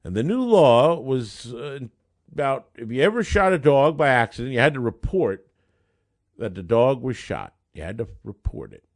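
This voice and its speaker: Animated storytelling lawyer. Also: male voice, mid-range voice, moderate pace. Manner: animated, conversational, acts out dialogue. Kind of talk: storytelling monologue.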